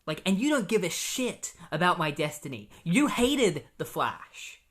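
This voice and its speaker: A man's voice: a little high, animated, fairly quick. A man voicing an angry young speedster hero. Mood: furious. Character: young male speedster hero, upset and defiant.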